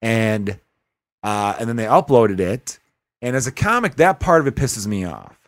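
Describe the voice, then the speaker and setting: A man's voice: fairly low pitch, lively intonation, moderate pace, no room sound. A man in his thirties from Chicago, a comedian hosting a podcast, telling stories in a profane, ranting way. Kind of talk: casual podcast chat.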